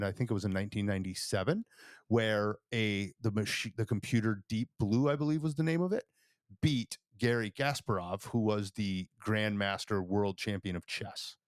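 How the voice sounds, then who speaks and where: A man co-hosting a podcast who explains things at length in casual chat, often checking in with "right?". His voice sits a little low. The sound is dry and close. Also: steady tone, moderate pace, no room sound. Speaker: podcast co-host.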